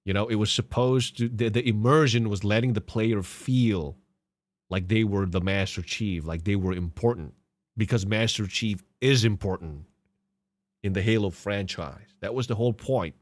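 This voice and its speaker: A man's voice: fairly low pitch, normal speed, dry recording. A man hosting a podcast and reacting to game clips in casual commentary, sarcastic and mocking, swearing and laughing often. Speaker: podcast host.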